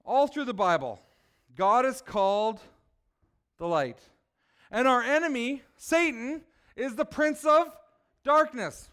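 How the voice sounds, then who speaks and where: Man, high voice, clear and smooth, preaching, lively, asks the listeners questions. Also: slow pace, pauses often. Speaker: children's preacher. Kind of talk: sermon.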